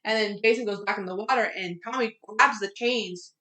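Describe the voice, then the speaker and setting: A woman's voice: medium pitch, normal speed. A young woman co-hosting a podcast, chatting casually and animatedly about a film, with plenty of fillers. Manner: animated, excitable recapping with fillers. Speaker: podcast co-host. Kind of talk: casual chat.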